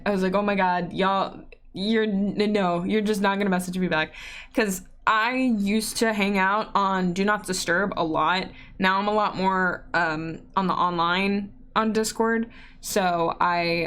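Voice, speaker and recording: A woman's voice: medium pitch, a bit bright, slight background noise. Rambling young woman podcaster. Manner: rambling, self-deprecating, quick bursts of acted-out inner dialogue. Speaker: podcast host. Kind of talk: casual solo podcast monologue.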